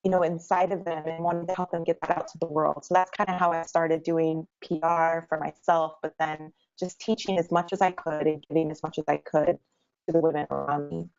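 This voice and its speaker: A woman in her thirties, a guest entrepreneur telling her story in an interview, animated and quick. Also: sits low, faint music behind. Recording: dull lo-fi sound.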